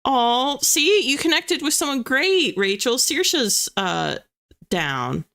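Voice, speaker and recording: A woman's voice: sits high, big pitch swings, slow pace, sharp tone. A young woman hosting a writing livestream, chatting in a bubbly way and reading viewers' messages aloud. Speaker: livestream host of writing sprints. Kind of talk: casual chat to live viewers.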